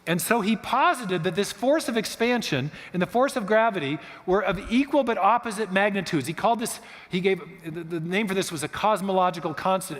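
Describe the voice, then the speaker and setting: A man giving a lecture-style guest talk, explaining in a lively storytelling manner that often stops and restarts. His voice is fairly high for a man. The sound carries the long reverb of a large church hall. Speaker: guest speaker.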